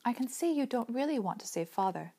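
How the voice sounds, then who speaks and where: A woman reading a story aloud, voicing a possessed little boy who speaks in a flat, emotionless, mocking way. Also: on the high side, brisk, husky, voice pushed up. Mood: cold flat.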